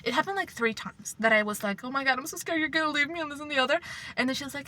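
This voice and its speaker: A woman's voice: high voice, lively intonation, very fast, bright, forceful tone, slight background noise. A young woman hosting her own channel, chatting casually in a rambling, profane, effusive way that sometimes drops into a whisper. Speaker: channel host. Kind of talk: casual chat.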